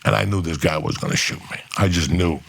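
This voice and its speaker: This man has a very low, gravelly voice with a husky, rough edge. He tells a profane story in a studio, jumping into other people's lines as he goes. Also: fast talker. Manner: animated, swearing, acts out other people's lines. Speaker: guest storyteller. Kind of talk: profane anecdote telling.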